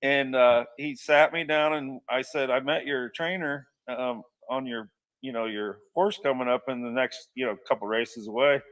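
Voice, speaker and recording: A man's voice: medium pitch, steady tone, moderate pace, a bit bright, far from the mic. Rambling man telling a story, off-mic. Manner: rambling anecdotal telling with many restarts. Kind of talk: casual storytelling.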